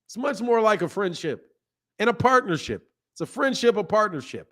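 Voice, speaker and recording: On a laid-back livestream, this boxing channel host, a man with a high voice, speaks at normal speed. Viewer comments get read aloud and answered with blunt replies, curse words, bursts of laughter, and lively asides.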